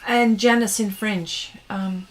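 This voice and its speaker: A woman's voice: mid-range voice, steady tone, slow pace. A woman hosting an art livestream, chatting casually while she paints and reading viewers' comments aloud, often trailing off mid-sentence.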